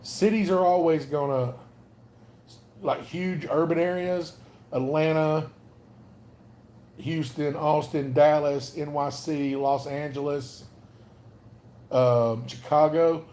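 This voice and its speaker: A man with a Southern Alabama accent talks in a loose, rambling way as he hosts a livestream chat. His voice sits a bit high for a man and has a mellow, warm tone. He keeps stopping to greet viewers by name. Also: steady tone, slow, long pauses, a little hiss or hum. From North Alabama. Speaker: livestream host.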